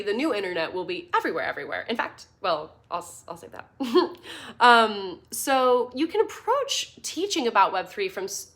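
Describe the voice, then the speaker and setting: A woman's voice: on the high side, fairly bright tone. A woman giving a casual online class over slides, chatty and playful, with fillers and little laughs. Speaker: course teacher.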